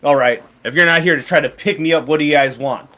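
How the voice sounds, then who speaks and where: A man's voice: fairly high pitch, quick pace, sharp tone. A man voicing a brusque, exasperated female shopkeeper and blacksmith in a tabletop game. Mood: annoyed.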